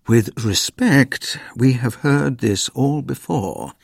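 A man's voice: medium pitch, huge pitch swings, moderate pace, vocal fry, husky, no room sound, studio quality, pitched above the performer's own voice, heavily acted. A man voicing a weary, downcast father who struggles to keep his temper in a storybook reading. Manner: weary, restrained.

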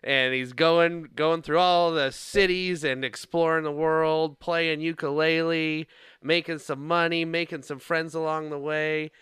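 Bright, crisp-voiced man rambling playfully. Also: a little high, little pitch movement, unhurried, dry recording. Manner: rambling and playful, laughs often, many fillers. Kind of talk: casual chat, rambling plot retelling.

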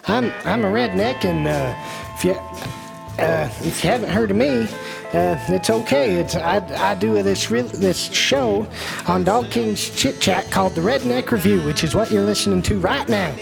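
A man opens his show in a halting, self-deprecating way, full of fillers. His voice is very gravelly and sits fairly high. Music plays clearly behind him. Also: expressive. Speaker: host. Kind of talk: show intro.

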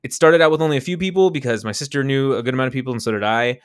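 Racing through a casual podcast story, the young male co-host is animated and plays out the quotes with big pitch jumps. The recording is studio quality, with a clean tone and no echo.

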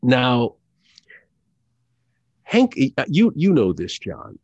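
A middle-aged man talks very slowly and carefully, pausing on fillers and restarting phrases as he works through his thoughts. The recording sounds dull and lo-fi, with a dry, close sound and no room echo. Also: medium pitch, huge pitch swings, creaky, darkish tone, breathy edge. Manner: slow, deliberate, hesitant with many fillers and restarts. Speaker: commercial actor and audiobook narrator, guest. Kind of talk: conversational interview.

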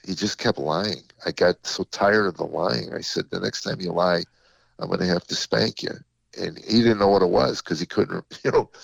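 An older man, a comedian guest, telling stories in a reflective, halting way with many fillers, on a dull lo-fi recording. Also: low-pitched, gravelly, no echo. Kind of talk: casual interview storytelling.

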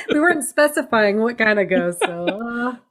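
Slow-talking laid-back woman. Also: on the high side, animated, a bit bright. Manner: short laid-back replies, giggles. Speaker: podcast co-host. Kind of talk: casual podcast chat.

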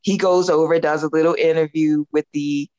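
A fifty-something woman, slightly low-voiced, shares a story on a podcast in easygoing conversation, laughing readily and performing her own lines with animation. The close, dry audio sounds muffled and has no room sound.

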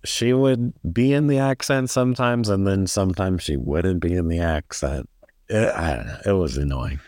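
A man's voice: low-pitched, moderate pace, a little mellow, no echo, clean studio sound. A man co-hosting a podcast, talking about a movie in a blunt, matter-of-fact way and sometimes defending it. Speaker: podcast co-host. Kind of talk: casual movie review chat.

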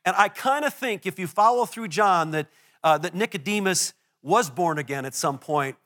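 High-voiced pastor telling a story. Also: male voice, normal speed. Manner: storytelling, animated, self-deprecating asides. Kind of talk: sermon. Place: church before a congregation.

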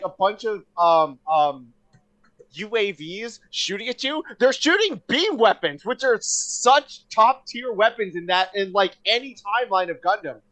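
A man in casual podcast chat, excitable and rambling, swearing often with lots of fillers. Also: high voice.

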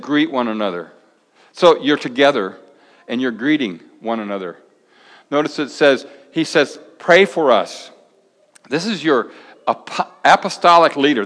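An older male pastor preaches in a fairly high voice, moving between emphatic, raised phrases and quiet, intimate asides. His sermon rings with the long reverb of a large church hall. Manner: conversational preaching, swings between emphatic and soft.

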